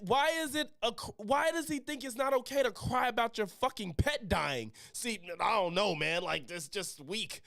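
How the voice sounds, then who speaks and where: A man reacting live to a podcast clip, cursing freely and laughing between remarks. His voice jumps around a lot in pitch and sits a bit higher than most men's. The sound is dry and close. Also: no echo. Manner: animated, profane, laughing often. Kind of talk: casual reaction commentary.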